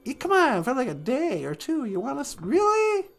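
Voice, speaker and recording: A man's voice: huge pitch swings, normal speed, creaky, faint music behind, full character voice. A man playing a giggly, sing-song aunty. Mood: chatty. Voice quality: high, sing-song and rambling. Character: chatty, giggly middle-aged aunty woman. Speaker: host. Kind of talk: comedic call-in show.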